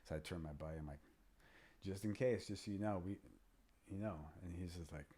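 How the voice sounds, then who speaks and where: Husky low-voiced man in his fifties. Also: brisk, warm tone. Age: 50s. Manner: rambling anecdotes, drops to near-whispers when quoting. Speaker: guest, MMA fighter and trainer. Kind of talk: casual interview storytelling.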